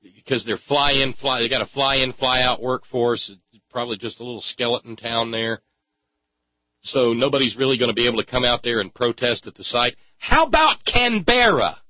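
A man's voice: medium pitch, steady tone, normal speed, no echo, lo-fi sound. A man ranting in sarcastic, angry commentary and swearing freely. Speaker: political commentator.

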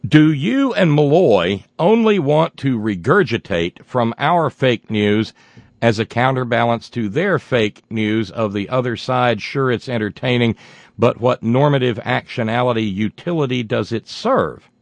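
A man hosting a political talk radio show, sardonic and folksy, reading listener messages and breaking into loud exclamations. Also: mid-range voice, expressive, measured pace, gravelly, dry recording.

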